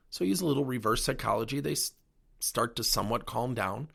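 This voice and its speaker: Man, podcast host, husky voice, very animated pitch, coaching monologue. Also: quick pace. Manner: animated storytelling with acted-out dialogue.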